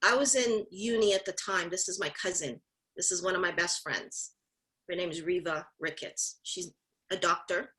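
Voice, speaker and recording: Bright-voiced woman giving a rousing talk. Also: fairly low pitch, fairly even intonation, normal speed, rough recording. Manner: emphatic, repeats phrases, addresses audience directly. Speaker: mentorship session speaker. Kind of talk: motivational talk.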